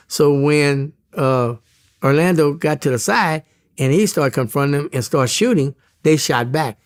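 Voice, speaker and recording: A man's voice: mid-range voice, dry recording, clean studio sound. A man, a former police officer, recounting events in a casual interview, often stumbling and repeating words.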